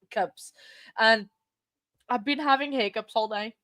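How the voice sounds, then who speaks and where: A woman hosting a livestream, talking in a rambling, halting way while she has the hiccups. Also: mid-range voice, a bit bright, no room sound. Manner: rambling, self-interrupting, halting. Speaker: livestream host. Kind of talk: casual livestream chat. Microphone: desk microphone.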